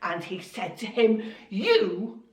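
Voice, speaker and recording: A woman telling a Bible story to children in an expressive, dramatic way. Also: on the high side, takes it slowly. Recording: echoey room, voice from a distance.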